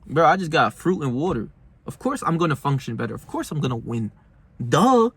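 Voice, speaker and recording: Young male self-help vlogger, husky, fairly high voice, dry close sound, brash and profane. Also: big pitch swings, brisk. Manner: brash, slangy, heated, profane. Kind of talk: casual monologue to camera.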